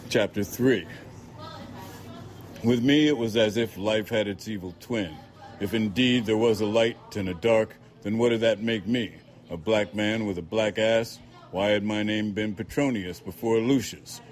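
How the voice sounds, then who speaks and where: A man reading a novel aloud in a measured, dry first-person narration. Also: on the low side. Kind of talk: audiobook narration.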